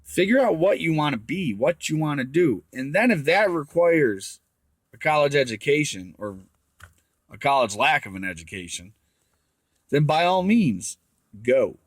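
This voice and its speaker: A man on a crude, swear-heavy rant, his pitch swinging up and down as he talks. The voice is fairly high for a man and sounds dry and close, with no room echo. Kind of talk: profane rant to camera.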